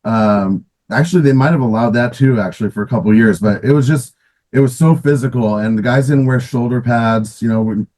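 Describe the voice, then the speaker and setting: A man's voice: mid-range voice, fairly quick, a little mellow, rough recording. A middle-aged man, a former pro hockey player, casually telling stories in an interview with many restarts and fillers, often laughing.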